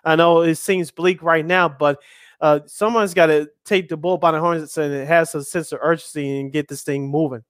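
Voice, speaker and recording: A man's voice: fairly high pitch, steady tone, normal speed, no echo, studio quality. A man in his thirties hosting a live sports radio show, chatty and jokey, reading out lists with emphasis. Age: 30s. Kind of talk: casual radio sports talk.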